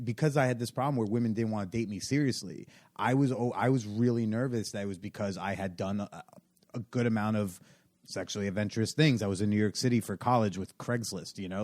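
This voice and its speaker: Low-voiced joking man from New Jersey. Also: no room sound, studio quality. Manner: joking, self-deprecating. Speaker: podcast guest, comedian. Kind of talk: casual chat.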